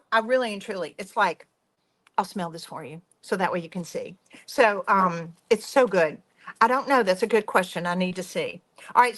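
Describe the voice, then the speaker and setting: A woman hosts a live soap-making demo, bubbly, chatty and gushing with enthusiasm. Her voice is medium-pitched and a bit bright.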